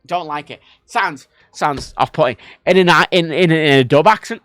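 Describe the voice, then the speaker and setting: A man's voice: a little high, normal speed, no room sound, studio quality. A man from Ireland with an Irish accent, chatting casually and swearing freely while commenting on a game he plays on stream. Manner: animated, sweary, rambling. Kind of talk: casual livestream gameplay commentary.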